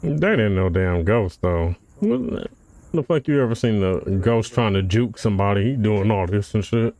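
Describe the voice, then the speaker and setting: A man's voice: on the low side, moderate pace, a little mellow. A young man hosting a reaction video, talking casually and bluntly with frequent swearing and jokey asides.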